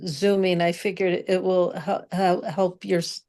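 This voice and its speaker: Woman, study group member, slow, halting, lowish voice, on a video call. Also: flat delivery, darkish tone. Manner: halting, restarts words mid-thought. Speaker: study participant. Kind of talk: class discussion.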